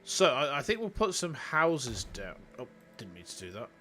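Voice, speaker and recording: This is casual live game commentary from a young Yorkshire-accented VTuber who chats and rambles to viewers while building a city. His medium-pitched voice is very animated and sharp, at normal speed, with faint music behind.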